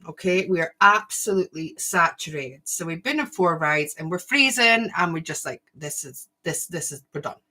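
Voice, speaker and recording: Bright-voiced woman telling a story. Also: fairly low pitch. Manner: animated storyteller, acts out quoted voices. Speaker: spiritual channel host. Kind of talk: casual storytelling livestream.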